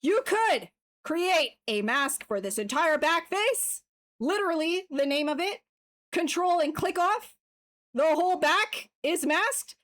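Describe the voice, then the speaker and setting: A woman's voice: extremely high pitch, lively intonation, slow pace, fairly bright tone. A woman livestreaming as she sculpts, giving tips and chatting casually with viewers, jokey and swearing freely. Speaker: livestreamer sculpting digital art. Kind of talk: casual chat while demonstrating software.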